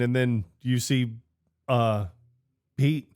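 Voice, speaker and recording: Animated man retelling movie scenes. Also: mid-range voice, measured pace, clear, resonant tone, no echo, clean studio sound. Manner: animated, acts out movie lines in raised voices. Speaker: podcast co-host. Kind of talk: casual film chat.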